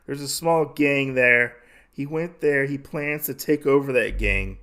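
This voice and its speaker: A man's voice: mid-range voice, measured pace, bright, forceful tone, clear, resonant tone. A man voicing a cowardly male bandit who stammers and begs for his life. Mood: begging. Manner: pleading, stammering. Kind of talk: comic podcast recap.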